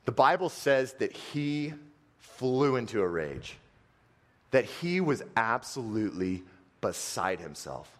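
A man preaching a sermon and retelling a story dramatically, swinging between fast, loud bursts and slow, hushed stretches. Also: medium pitch, in a large hall.

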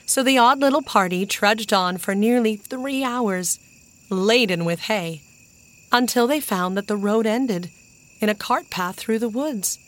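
A woman narrating a children's storybook in an even, measured way. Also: a little high. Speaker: audiobook narrator. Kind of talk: storybook reading.

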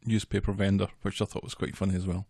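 A woman's voice: extremely low pitch, level tone, fast talker, creaky, warm tone, breathy edge, no room sound. A woman chatting casually about a cartoon with dry, amused commentary.

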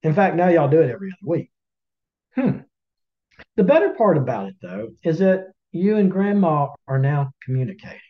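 A man's voice: on the high side, very animated, normal speed, narrow, tinny audio. A man with a Southern US accent, a podcast co-host telling a folksy story to listeners in a drawling, chatty way with teasing asides. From Southern United States.

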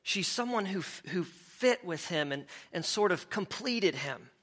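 Pastor guy preaching, kinda high voice, chatty, keeps checking in with the congregation. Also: lively intonation, unhurried, fairly bright tone. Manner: conversational, asks the congregation questions, repeats words as he goes. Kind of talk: sermon.

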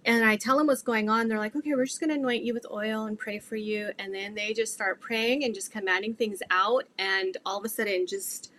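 A woman's voice: mid-range voice, steady tone, fairly quick, few pauses, a bit bright, a little hiss or hum. A middle-aged woman earnestly telling her faith testimony in an interview, rambling with many fillers. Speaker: guest sharing her testimony.

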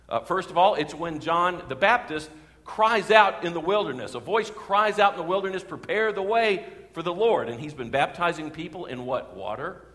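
A male pastor preaching in a church sanctuary with a long, ringing reverb behind him. His voice sits a bit higher than most men's, and he swells into forceful emphasis on the lines he wants to land. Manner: emphatic, swelling for key phrases. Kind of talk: sermon.

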